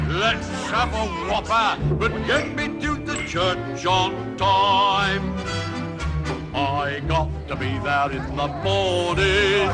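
Jolly cockney old geezer, high, slow, big loud orchestra. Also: male voice. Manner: rowdy, jolly sung delivery. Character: boisterous old cockney father about to wed. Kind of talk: musical song. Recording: sung over a loud orchestra.

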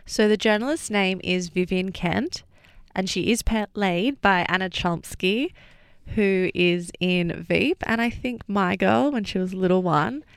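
A woman's voice: mid-range voice, measured pace, creaky, clean tone, no room sound, studio quality. A woman co-hosting a podcast in casual chat, steering the talk with questions and short replies. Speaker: podcast co-host.

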